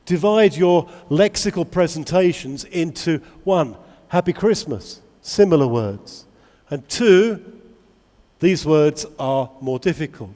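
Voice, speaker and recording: A man giving a lively conference talk to English teachers, asking the audience many questions. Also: on the high side, slow. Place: large convention hall. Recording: long hall reverb.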